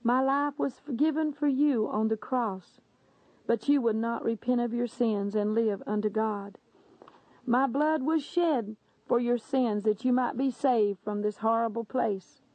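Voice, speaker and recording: A woman's voice: a little high, fairly even intonation, measured pace, dry recording. A woman reading a religious testimony aloud in an earnest, solemn, dramatic way. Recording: dull lo-fi dry recording.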